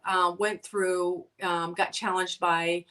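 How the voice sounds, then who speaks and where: An earnest woman shares her thoughts in an unhurried, conversational way. She fills pauses with ums and often starts her sentences over. Her voice comes across a bit far from the microphone, as on a video call. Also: fairly low pitch, flat delivery, a bit bright. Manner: earnest, many ums and restarts. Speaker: guest. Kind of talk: casual conversation.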